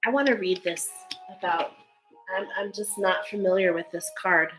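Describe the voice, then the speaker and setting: A woman's voice: mid-range voice, moderate pace, over music, low-quality recording. A woman giving a spiritual card reading in an earnest, emotional way, reading card texts aloud between loose, filler-filled remarks. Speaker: tarot card reader.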